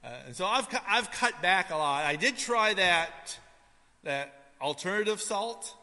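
A man with a high, very bright and sharp voice preaches to his congregation. He talks casually and keeps checking in with "right?", then drops to a murmur for stories and rises to loud, punchy emphasis. A long hall echo trails each phrase. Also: lively intonation, a little slow. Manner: conversational preaching, frequent "right?" asides, swings from hushed to loud. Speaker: pastor. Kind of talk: sermon. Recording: hall reverb.

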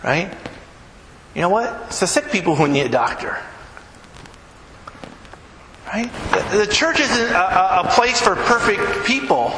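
A man preaching a sermon as pastor in a church, emphatic, climbing to near-shouts on key phrases. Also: high-pitched, sing-song, a little slow, pauses often. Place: church sanctuary. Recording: echoey hall with background noise.

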